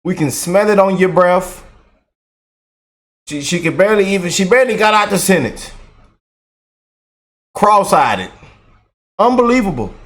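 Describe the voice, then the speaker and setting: A man's voice: high-pitched, expressive, normal speed, long pauses, a bit bright. A man hosting a reaction commentary channel, talking in an emphatic, mocking way.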